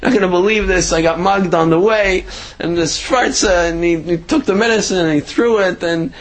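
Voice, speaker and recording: A man's voice: fairly high pitch, quick pace, pitched above the performer's own voice, lightly acted. A man voicing a desperate poor mother who pleads and repeats herself breathlessly. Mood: distressed.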